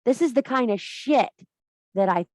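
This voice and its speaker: A woman's voice: on the high side, expressive, normal speed, no room sound. A woman giving an impassioned, blunt and profane talk to a women's circle as a spiritual teacher. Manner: blunt, profane, emphatic preaching.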